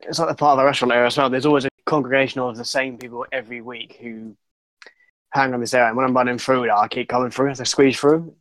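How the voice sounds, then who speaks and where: A man's voice: mid-range voice, fairly even intonation, fast talker, fairly bright tone, dry recording, poor audio. Hesitant man chatting. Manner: hesitant, many fillers and restarts. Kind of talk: casual chat.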